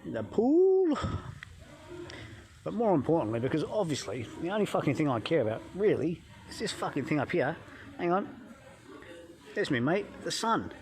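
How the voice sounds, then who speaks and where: A middle-aged man from England, a health coach vlogger telling a travel story in a swearing, animated way, talking into a phone outdoors by a hotel pool. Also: fairly high pitch, brisk.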